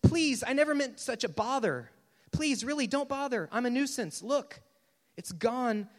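A man's voice: very high-pitched, lively intonation, a little slow, in a large hall, pitched above the performer's own voice. A man voicing a fretful male ghost who pleads and makes excuses during a story reading. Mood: pleading. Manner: flustered, pleading, making excuses.

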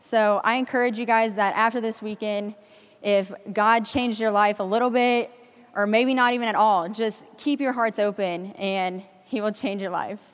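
A woman's voice: medium pitch, fairly even intonation, normal speed. An eighteen-year-old woman from the Kansas City area giving an earnest personal faith testimony to a youth conference crowd, chatty and full of ums. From Kansas City area, US Midwest. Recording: long hall reverb.

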